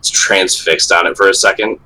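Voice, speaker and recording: A man with a very deep, husky voice that still sounds bright describes his character's actions. He speaks haltingly, with plenty of pauses. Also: fairly even intonation, low-quality recording. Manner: hesitant, many fillers and restarts. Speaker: player.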